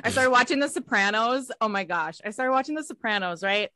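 A woman's voice: on the high side, animated, a little fast, sharp tone, no echo. Playful woman chatting in a dry room. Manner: playful, self-deprecating. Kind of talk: casual chat.

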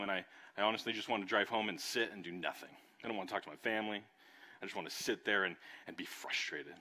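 A young adult man, a pastor preaching a sermon and telling a personal story, acting out voices along the way. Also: low-pitched. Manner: animated storytelling, acts out voices. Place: church service.

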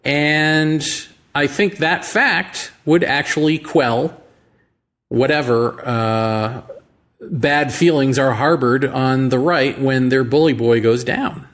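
A man's voice: mid-range voice, fairly bright tone. An American man hosting a podcast, thinking aloud in a reflective monologue and asking rhetorical questions. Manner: musing, rhetorical questions, slow deliberate phrasing. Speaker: podcast host. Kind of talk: reflective monologue on politics and spirituality.

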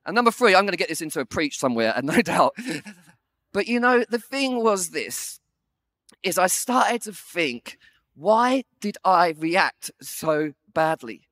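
A man's voice: high-pitched, very animated, moderate pace, sharp tone, dry recording. A man preaching a sermon, telling a self-deprecating story with comic timing.

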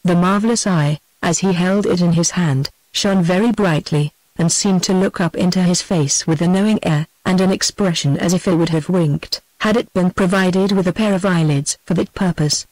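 Casting: British-accented TTS woman, even storybook narration, dry close sound. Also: lowish voice, normal speed, few pauses, dry recording, rough recording. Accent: British English. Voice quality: even synthetic reading. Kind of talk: text-to-speech audiobook narration.

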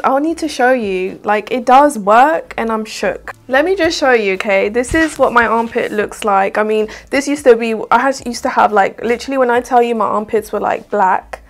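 A British woman giving a candid, chatty beauty product review, often filling with "like". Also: on the high side. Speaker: beauty vlogger. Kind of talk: casual product review to camera.

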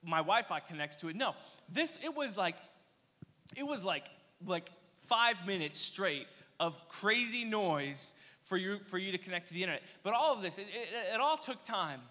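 A young man preaching a casual youth sermon, telling energetic, slangy stories with playful asides. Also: high voice, normal speed. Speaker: youth pastor. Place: church hall. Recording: long reverb of a church hall.

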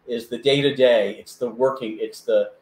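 An older man telling a lively anecdote in a casual chat, acting out other people's voices as he goes. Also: mid-range voice, normal speed, reverberant. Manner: animated, acts out voices in anecdotes. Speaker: guest.

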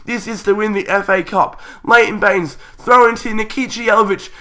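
A young man giving excited commentary over a football video game, calling the play like a match commentator, his voice strained and going. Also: high-pitched, normal speed. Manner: shouts at goals, calls play like a match commentator. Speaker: YouTuber playing a football career mode.

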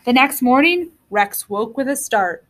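A woman kindergarten teacher reading a storybook aloud to young children. Her voice is high and animated. She makes the telling expressive. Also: a little slow.

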